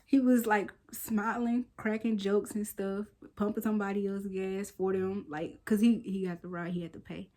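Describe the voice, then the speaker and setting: A woman's voice: medium pitch, moderate pace, hardly any pauses. Chatty woman in her thirties vlogging. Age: 30s. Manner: chatty and animated, with slangy asides and playful soft whispered quips. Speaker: lifestyle vlogger. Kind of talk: casual storytelling vlog.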